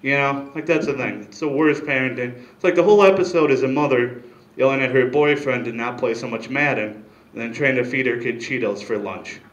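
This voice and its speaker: A man doing a stand-up comedy set, rambling with deadpan asides into a handheld mic on a small club stage. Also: mid-range voice, fairly quick, reverberant, rough recording.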